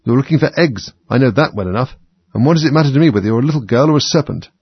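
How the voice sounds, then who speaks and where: A man's voice: medium pitch, lively intonation, racing, slightly rough, no echo, voice pushed up. A man voicing an indignant, fretful female pigeon who shrieks and sobs her complaints. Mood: contemptuous. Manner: shrieking and sobbing complaints, then sulky contempt. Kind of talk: audiobook character voice. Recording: dull, dry lo-fi recording.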